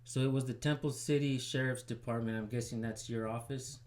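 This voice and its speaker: A man's voice: medium pitch, fairly even intonation, brisk. A man hosting a citizen journalism channel, commenting casually and pressing a sheriff's station by phone. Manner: casual, rambling, filler-heavy.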